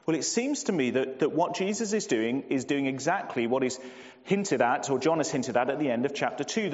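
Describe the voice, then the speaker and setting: A man preaching a sermon, measured and emphatic, slowing down and dropping low on key phrases. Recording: dull lo-fi sound in a long-reverb hall.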